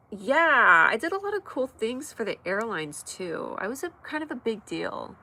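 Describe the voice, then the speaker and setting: An American woman with a stuffy nose, chatting fast and casually while hosting her live comedy stream from home. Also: mid-range voice, sing-song, pushed and bright, poor audio. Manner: fast, chatty, talks to pets and viewers.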